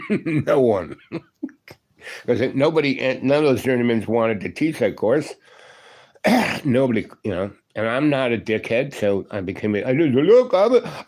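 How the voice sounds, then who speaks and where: A former union electrician in his seventies tells a long story, rambling casually and sprinkling in "you know" and "right?". His voice is lowish with a darkish tone.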